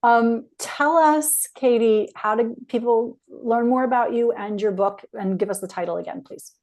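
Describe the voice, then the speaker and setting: A woman's voice: a little high, normal speed, darkish tone. A woman hosting a podcast interview, affirming and encouraging her guest. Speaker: podcast host. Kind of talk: casual interview.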